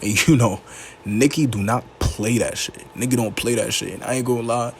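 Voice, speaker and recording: A man giving a casual, animated movie recap full of slang, acting out the characters' lines as he goes. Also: medium pitch, normal speed, gravelly, a little hiss or hum. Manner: animated, slangy storytelling with frequent laughs. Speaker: movie reviewer.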